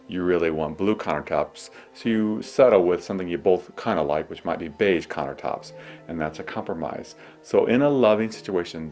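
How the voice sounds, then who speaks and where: A middle-aged man hosting an advice show, speaking in a calm, soothing way and guiding listeners through slow breathing. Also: low voice. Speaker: host.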